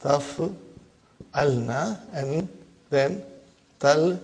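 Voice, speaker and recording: A man teaching an Arabic grammar lesson, slowly repeating terms and asking his listeners if they follow. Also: a little high, long reverb tail, a little hiss or hum. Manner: slow, repetitive, addresses "brothers and sisters", checks understanding with "huh?". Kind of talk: explanatory lesson.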